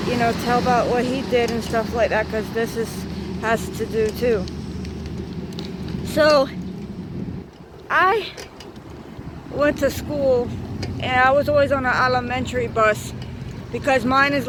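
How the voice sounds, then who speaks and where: Brief: woman in her thirties, high voice, meandering excitable storyteller, noisy outdoor recording with traffic. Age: 30s. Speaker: vlogger. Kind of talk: rambling story time.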